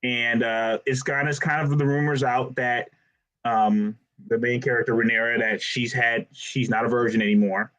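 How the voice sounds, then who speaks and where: A man of middle pitch jokes his way through a casual show recap. His delivery is wry and loose, with quick asides. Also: little pitch movement, a bit bright, low-quality recording. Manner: joking, wry. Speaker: podcast co-host.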